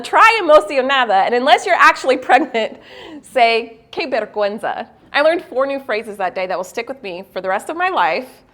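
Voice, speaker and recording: A woman giving a motivational keynote at a university event. She tells a story against herself with lively, self-mocking humor and laughs often, then slows into a low, earnest tone for the lesson. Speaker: keynote speaker.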